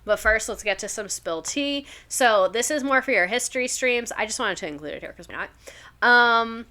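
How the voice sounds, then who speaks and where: A young woman chats casually on a live stream, reading viewer-submitted stories aloud and reacting to them emotionally. Her voice is on the high side, expressive, pushed and bright, at a moderate pace.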